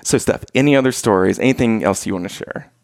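A man's voice: on the low side, fast talker, gravelly, no room sound, studio quality. A man hosting a podcast, chatting casually and laughing along with his guests. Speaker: podcast host. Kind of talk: casual chat.

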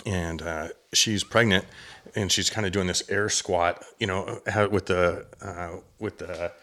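A podcast guest, a hunter and drinkware entrepreneur, chats casually and gets worked up while telling a lively hunting story. His voice sits low and his pace is unhurried.

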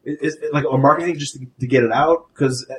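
A man's voice: medium pitch, steady tone, fast, crowd noise. Stumbling male podcast host. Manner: stumbling, repeats words while asking questions. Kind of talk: casual interview chat. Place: podcast studio.

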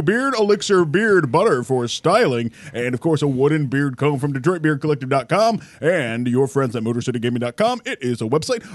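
A man's voice: mid-range voice, dry recording, close to an everyday voice. Man doing a mock news anchor voice. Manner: exaggerated announcer delivery. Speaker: podcast co-host.

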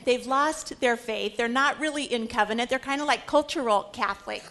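A woman's voice: on the high side, moderate pace, a bit bright, a little hiss or hum. A woman giving a Bible study lecture, telling the story expressively with dramatic asides. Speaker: Bible teacher.

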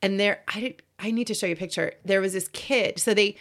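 A woman's voice: medium pitch, brisk, a bit bright. A woman in her forties co-hosting a casual chat, talking frankly and swearing freely. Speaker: podcast co-host.

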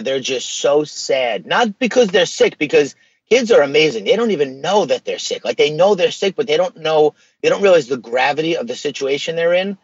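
Male podcast guest, husky, earnest and animated, dry slightly muffled audio. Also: a little high, dry recording. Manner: earnest, animated storytelling with slang. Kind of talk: casual podcast conversation.

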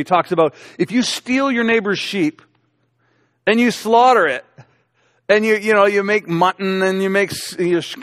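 A man's voice: high-pitched, no echo, clean studio sound. A male pastor delivering a sermon in a conversational, storytelling way, with light humor.

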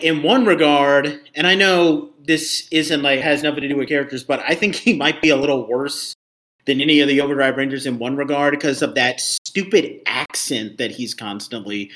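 A man's voice: mid-range voice, fairly bright tone. A man co-hosting a casual review podcast, ranting with exasperation about things he dislikes. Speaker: podcast co-host.

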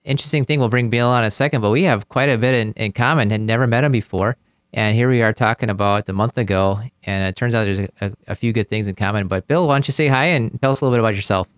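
A man's voice: on the low side, fast talker, no room sound, studio quality. A middle-aged man hosting a podcast, upbeat and friendly in his banter with guests. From Maryland. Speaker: host.

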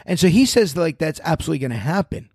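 A man, apparently a pastor, giving emphatic religious commentary, reading scripture aloud and teaching through quick questions. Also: on the high side, sing-song, darkish tone, breathy edge, no echo, clean studio sound.

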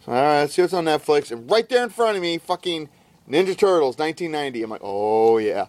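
A man's voice: fairly high pitch, lively intonation, fast talker, no echo. A young adult man co-hosting a podcast outdoors by a campfire, joking, swearing and laughing often. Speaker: podcast co-host. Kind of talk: casual chat.

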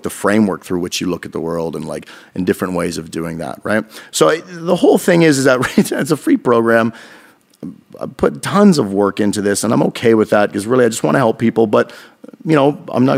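A man from Canada talks on a podcast in a low, gravelly voice. He is energetic and swears freely as he tells stories. He speaks into a studio mic. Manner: energetic, profane, storytelling. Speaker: podcast guest, fitness coach. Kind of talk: casual podcast chat.

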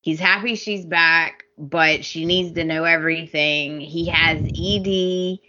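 Woman co-host, unhurried and giggly, bright voice on a dull, slightly noisy mic. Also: low voice, steady tone. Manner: giggly, recaps the plot. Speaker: podcast co-host. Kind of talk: casual chat.

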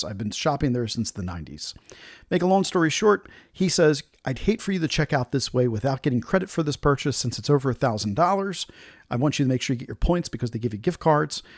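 A middle-aged man hosting his own podcast, telling a store complaint story in an animated, frustrated way and acting out the other people's lines. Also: fairly high pitch, no room sound, studio quality. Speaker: podcast host. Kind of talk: solo storytelling commentary.

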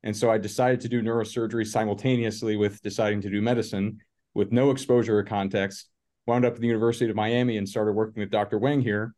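A young man who is a guest on a podcast, speaking in a measured way with dry humor. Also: fairly low pitch, level tone, dark tone. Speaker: guest, neurosurgery resident. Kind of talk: relaxed podcast chat.

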